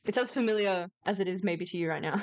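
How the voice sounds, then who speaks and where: A woman's voice: medium pitch, brisk. A woman narrating as game master, casual and laughing, often searching for words.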